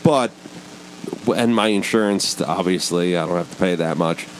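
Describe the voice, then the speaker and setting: A man's voice: low voice, normal speed, rough recording. A man in casual chat who laughs easily and swears in passing. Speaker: co-host. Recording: faint background noise.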